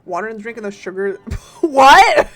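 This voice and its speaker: A woman streaming a game, chatting casually and playfully with her viewers, greeting them and teasing them in quick bursts. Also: mid-range voice, wildly swooping pitch, darkish tone, soft background music.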